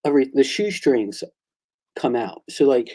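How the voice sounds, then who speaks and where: A man who creates and draws comics, chatting casually and excitedly, acting out the conversations he recounts. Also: mid-range voice, unhurried, rough recording. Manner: excitable storyteller, acts out quoted exchanges. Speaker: comic book creator and artist. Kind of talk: casual chat.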